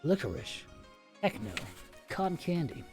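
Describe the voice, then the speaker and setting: A man's voice: a little high, very animated, unhurried, darkish tone, faint music behind, voice pushed up. A man voicing a weepy, nostalgic old male barber who asks wondering, tearful questions. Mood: wistful.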